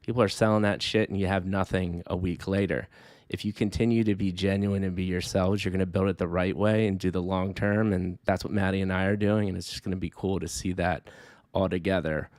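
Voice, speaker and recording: A man's voice: deep voice, steady tone, a little fast, darkish tone, dry recording. A man hosting a podcast, giving earnest closing thoughts point by point, casual and a bit sweary. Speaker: podcast host.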